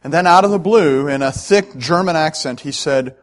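A man's voice: fairly high pitch, normal speed. A male pastor preaching a sermon in an earnest, emphatic way, with frequent "uh" fillers.

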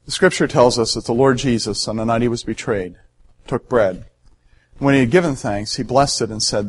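A male pastor giving an earnest sermon, emphatic at times and dropping soft and low for solemn points. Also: fairly quick.

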